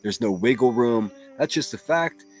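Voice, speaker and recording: A man's voice: medium pitch, expressive, normal speed, breathy edge, soft background music. Blunt, profane man hosting a stream. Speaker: livestream commentary host. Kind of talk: casual reaction commentary.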